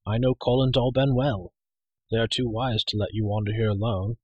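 A weathered, wise warrior prince from a storybook, measured and gently commanding, as a man reads him aloud. The voice is low and husky, and it sounds dry and close. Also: fairly even intonation, no room sound, highs cut off. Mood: amused.

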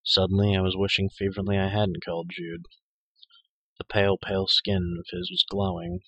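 Male audiobook narrator, deep and bright-edged, dramatic first-person delivery. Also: normal speed, gravelly, dry recording, highs cut off.

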